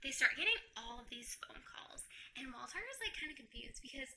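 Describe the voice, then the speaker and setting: High bright chatty young woman. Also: fairly quick, a little hiss or hum. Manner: animated storyteller, acts out characters' lines, many "like" fillers. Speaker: book podcast co-host. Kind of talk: casual book recap chat.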